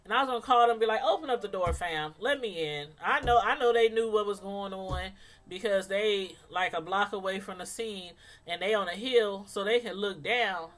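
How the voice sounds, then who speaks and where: A middle-aged woman vlogger telling a story in a casual, animated way, laughing often and using many fillers. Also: medium pitch, normal speed.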